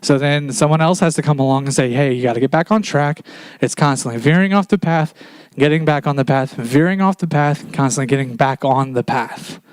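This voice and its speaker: A man preaching a casual sermon in a church, retelling scripture as a relaxed story in everyday slang. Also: on the high side, brisk, clean tone, dry recording.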